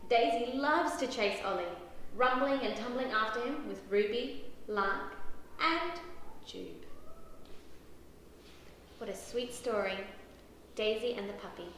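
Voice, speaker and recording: A woman reading a picture book aloud to children, expressive, with lively character voices and questions to the listeners. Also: fairly high pitch, slow pace. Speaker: children's story reader. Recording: very echoey room, faint background noise.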